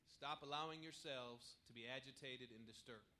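A man's voice: medium pitch, normal speed, sharp tone, a little hiss or hum. A man in the congregation reading scripture aloud from away from the microphone.

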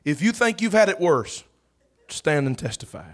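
A man preaching a sermon, telling a story with animation, bursts of shouting and laughter. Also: a little high, very animated, moderate pace.

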